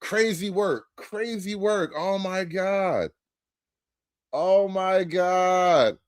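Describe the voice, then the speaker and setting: A man hosting comedic political commentary, slangy and animated. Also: high-pitched, drawn-out words, smooth, dry recording. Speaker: host.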